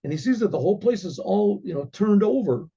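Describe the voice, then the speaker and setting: Gravelly, husky rabbi telling a story. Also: male voice, high-pitched, expressive, fairly quick, mellow. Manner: rambling, with frequent throat clearing and restarts. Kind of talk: oral storytelling. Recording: dull lo-fi recording.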